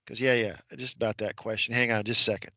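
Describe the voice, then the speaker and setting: Male radio guest, mid-pitched and bright, with a dry close sound. Emphatic storyteller who acts out the voices of the people in his story. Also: steady tone, quick pace, no room sound, highs cut off. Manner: retells courtroom scenes, imitating the judge's voice; emphatic, repeats points with rhetorical questions. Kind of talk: conversational storytelling on a radio show.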